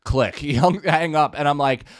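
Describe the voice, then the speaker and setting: A man's voice: fairly high pitch, moderate pace, a little hiss or hum. A man in his thirties hosting a podcast, telling an exasperated, profane comic story and acting out both sides of a phone call. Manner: exasperated, profane, animated rant with voiced impressions. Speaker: podcast host. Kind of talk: casual comedic storytelling.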